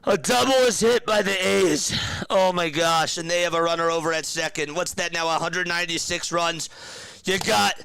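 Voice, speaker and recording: A young man calling baseball play-by-play on a live charity stream through a headset, loudly thanking donors and then speaking softly and emotionally. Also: fairly high pitch, normal speed, gravelly, clean tone, dry recording. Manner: excitable, shouts thanks to donors, turns emotional and quiet.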